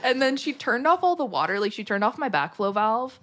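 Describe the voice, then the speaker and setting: A woman guest on a podcast, telling a story in a casual, animated way, swearing a lot and saying "like" constantly. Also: on the high side, a little fast. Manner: animated, profane, heavy use of "like".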